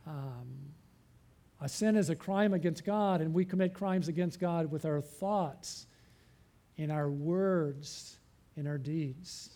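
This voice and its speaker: High-pitched guy preaching, mellow tone, earnest and pleading, keeps asking the crowd questions. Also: slow. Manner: earnest, pleading, rising to fervent appeals; asks the listeners questions. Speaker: pastor. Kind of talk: sermon.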